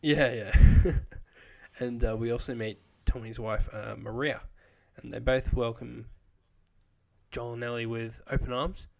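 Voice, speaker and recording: A man's voice: mid-range voice, steady tone, measured pace, creaky. Man rambling through a casual recap. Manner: rambling recap with many fillers, asks questions. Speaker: podcast co-host. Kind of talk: casual chat.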